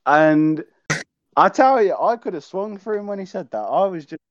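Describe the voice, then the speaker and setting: Young bloke telling stories, bit high voice, jumps all over, acts out voices, dull recording. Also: male voice, moderate pace, a little hiss or hum. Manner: animated, acts out quoted voices, swears freely. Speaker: guest, childhood friend. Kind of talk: casual storytelling chat. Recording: dull lo-fi sound.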